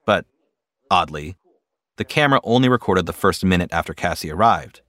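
A man narrating a podcast story in a measured, wry, scripted way. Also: sits low, animated, bright, forceful tone.

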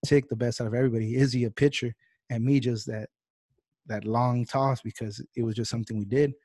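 A young man hosting a podcast over a video call, chatting casually and acting out quotes in a louder voice. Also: medium pitch, a little fast, no room sound. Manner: animated, acts out quotes in a raised voice. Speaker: podcast host. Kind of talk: casual interview chat.

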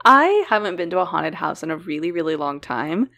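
Woman, podcast co-host, casual chat, animated, laughs easily. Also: on the low side, a little fast. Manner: chatty and animated, laughs often.

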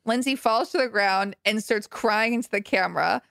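Gossipy podcast co-host, woman, light fry, dry studio sound. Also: fairly high pitch, normal speed, fairly bright tone, no echo. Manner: chatty, laughs often, gossipy. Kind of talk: casual gossip chat.

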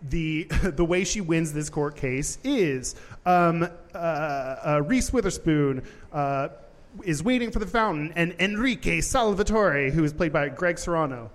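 Brief: high-pitched male podcast host, animated, swears, laughs a lot, recorded in a reverberant room. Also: a little slow. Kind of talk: casual comedic chat.

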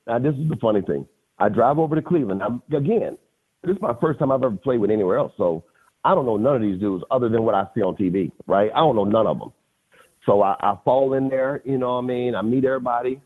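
A man in his fifties, a podcast guest, telling stories in a casual, animated way, often laughing and repeating phrases. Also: mid-range voice, husky. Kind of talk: casual storytelling. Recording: phone-like lo-fi audio.

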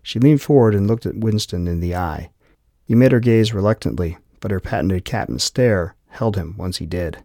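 A male audiobook narrator with a low voice, reading in a steady, even way. The sound is dry and close, with no room echo. He keeps the narration calm and clear. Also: normal speed. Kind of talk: scripted narration.

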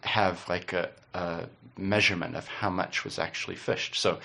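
A man's voice: deep voice, fairly even intonation, normal speed, gravelly, bright, forceful tone. A man in casual conversation, speaking thoughtfully and searching for words.

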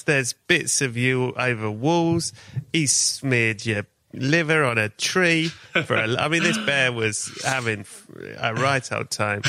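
A man hosting a podcast interview playfully spins a gory comic scenario for his guest in casual chat. His mid-range voice is bright and forceful, and the recording is dry.

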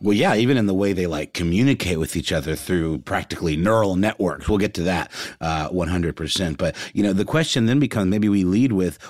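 A man's voice: sits low, animated, a little fast, hardly any pauses, dry recording, clean studio sound. A man co-hosting a casual chat podcast, chatty with lots of fillers and jokey asides. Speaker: podcast co-host.

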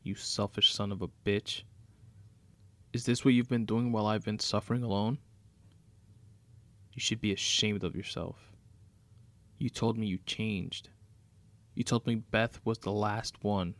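A man's voice: fairly low pitch, fairly even intonation, a little slow, long pauses, fairly bright tone, no echo. A man voicing a vengeful, sarcastic woman, a murderous former nurse who taunts her captive. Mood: sneering. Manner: sneering, taunting, menacing.

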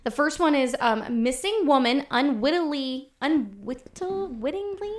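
A woman with a fairly high, bright voice co-hosts a casual podcast. She chats loosely, laughs often and lets her sentences trail off. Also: moderate pace. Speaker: podcast co-host. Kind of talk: casual chat.

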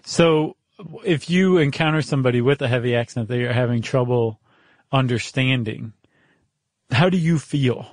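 A man hosting a podcast in casual chat, quick and joking, laughing often. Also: mid-range voice, no room sound. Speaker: podcast host.

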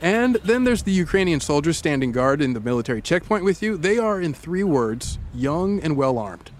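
A man hosting a podcast, his voice sitting on the higher side for a man. He spins a story in the second person, playful and theatrical, with drawn-out pauses for suspense and quick asides. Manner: playful, dramatic pauses, animated delivery.

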